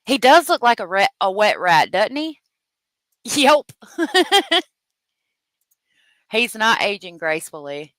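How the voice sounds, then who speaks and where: Slow-talking woman livestreamer. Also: mid-range voice, big pitch swings, a bit bright, no echo, low-quality recording. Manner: chatty, laughs often, drawn-out exclamations. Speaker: true crime livestream host. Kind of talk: casual livestream chat reading comments.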